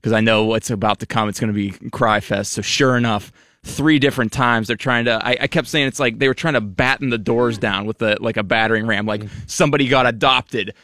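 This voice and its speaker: A man co-hosting a casual chat, telling an animated story about his wife. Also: medium pitch, brisk, no room sound, clean studio sound. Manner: animated anecdote teller.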